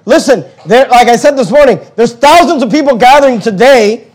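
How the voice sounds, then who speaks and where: A man preaching a sermon as pastor, fervent, with quick asides to the congregation. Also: very high voice, animated.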